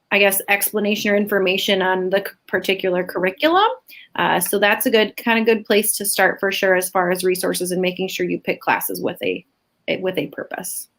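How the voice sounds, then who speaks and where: A woman's voice: medium pitch, fairly bright tone. A woman school counselor giving chatty, filler-filled advice on a panel.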